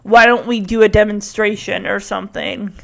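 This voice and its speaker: A woman voicing a calm, matter-of-fact male business mentor in a lowered voice. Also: normal speed, vocal fry.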